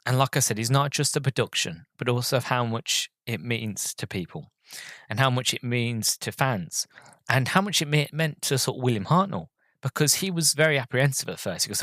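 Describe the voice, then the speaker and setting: A man's voice: medium pitch, lively intonation, fairly quick, fairly bright tone, dry recording. Earnest, rambling male podcast host. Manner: rambling, hesitant, full of ums and restarts; earnest, openly emotional fan. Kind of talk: casual storytelling review.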